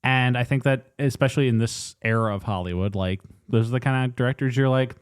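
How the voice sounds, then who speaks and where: A man co-hosting a film podcast, chatting in an animated, jokey way full of "like". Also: mid-range voice, brisk, clean tone. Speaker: podcast co-host. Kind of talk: casual film discussion.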